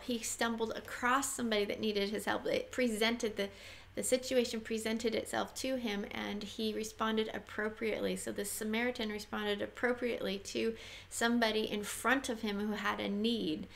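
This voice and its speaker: A woman's voice: on the high side, level tone, normal speed, vocal fry. A woman giving casual, earnest Bible commentary to camera, chatty and exhorting, often laughing. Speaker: Bible teacher.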